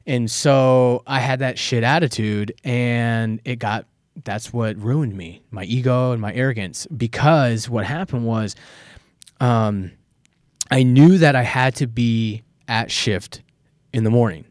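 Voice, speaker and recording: An American man and former soldier recounts his past in a casual interview. He talks candidly and with energy, slipping into the voices of the people in his stories. His voice sits at an ordinary pitch, recorded dry and close with no room sound. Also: unhurried, dry recording. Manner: candid, animated, acts out quoted voices. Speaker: guest.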